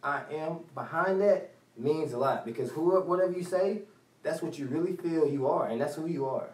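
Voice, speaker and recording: A man's voice: on the high side, normal speed, a little mellow, far from the mic. A man hosting a talk radio show, rambling and repeating phrases as he talks. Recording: roomy studio sound from off mic.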